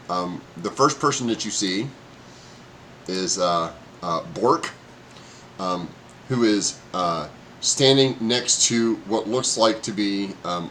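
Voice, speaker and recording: A man's voice: fairly low pitch, a bit bright, slight background noise. A man narrating a tabletop game as game master, hesitant with many fillers and frequent laughs.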